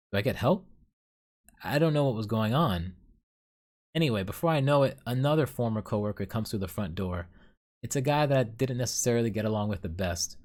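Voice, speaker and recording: A man's voice: fairly low pitch, a little mellow. A man hosting a solo podcast, telling his dreams in a rambling, self-deprecating way with many fillers. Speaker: podcast host. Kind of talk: casual solo storytelling.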